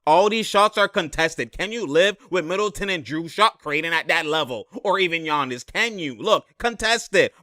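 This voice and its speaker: Young dude hyped up breaking down game film, lots of slang and laughs, dry close sound. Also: male voice, on the high side, normal speed, hardly any pauses, no room sound. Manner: excitable, slangy, laughs a lot. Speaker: basketball commentator. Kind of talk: casual game breakdown over footage.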